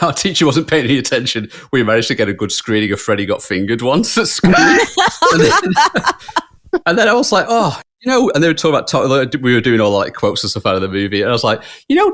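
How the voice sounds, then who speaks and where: A man's voice: medium pitch, a bit bright. A man co-hosting a podcast, telling rambling stories in casual chat and laughing often. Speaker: podcast co-host.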